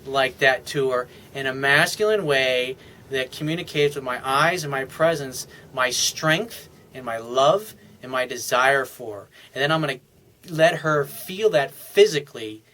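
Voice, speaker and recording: A man's voice: mid-range voice, pushed and bright. A man giving casual, unscripted dating advice as a relationship coach, speaking bluntly and swearing freely. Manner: blunt and profane, talks straight to the listener.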